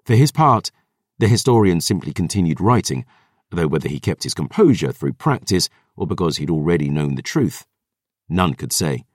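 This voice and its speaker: A man reading a dark fantasy audiobook in a measured, dramatic way, close to the mic. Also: low-pitched, sing-song, no room sound. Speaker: audiobook narrator. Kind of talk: scripted narration.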